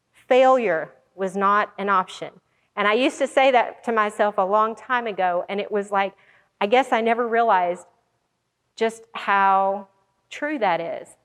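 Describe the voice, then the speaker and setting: Woman telling a story in a long-echo hall. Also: on the high side. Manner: animated, acts out quoted lines. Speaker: conference organizer. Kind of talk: storytelling talk.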